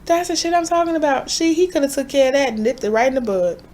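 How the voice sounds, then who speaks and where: A woman in a relaxed podcast conversation with a somewhat high voice. She talks bluntly and offhand. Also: fast talker. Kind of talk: casual chat.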